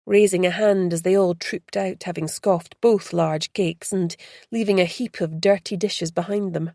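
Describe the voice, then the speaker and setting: A woman narrating an audiobook in a steady, measured way. Her voice sits low and has a gravelly fry. The recording is close and completely dry. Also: dry recording. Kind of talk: scripted narration.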